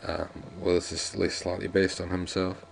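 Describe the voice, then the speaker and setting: Low-voiced jokey game commentator. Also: male voice, little pitch movement, normal speed, vocal fry, slight background noise. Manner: rambling, jokey, restarts often. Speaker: let's play commentator. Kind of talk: casual gameplay commentary, reading game text aloud.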